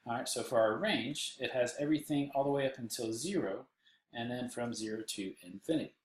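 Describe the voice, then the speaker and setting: A man's voice: mid-range voice, a little fast. Man, Texan accent, math teacher, joking asides, echoey room, faint room hum. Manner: joking asides, playful silly voices. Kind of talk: recorded math lesson. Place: indoors, seated.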